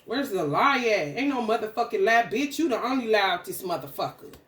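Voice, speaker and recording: A woman's voice: mid-range voice, lively intonation, a little fast, roomy sound, heavy background noise. A woman ranting angrily, confrontational and full of swearing. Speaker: spiritual content creator. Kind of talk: profane stream-of-consciousness rant.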